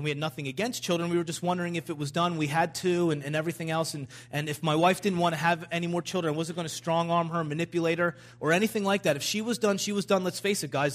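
A man in his thirties preaching, telling a personal story with frequent restarts and rising, animated emphasis. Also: a little high. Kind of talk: sermon storytelling.

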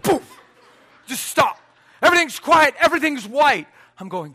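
A man preaching a sermon, telling a personal story with lively acted-out quotes and frequent laughter. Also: extremely high pitch, moderate pace. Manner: animated, acts out quotes, laughs often.

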